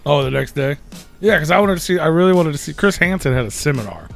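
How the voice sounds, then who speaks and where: A man's voice: fairly high pitch, lively intonation, quick pace, gravelly, faint music behind. A man hosting a live podcast, chiming into a shared story in casual, laid-back chat. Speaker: podcast host.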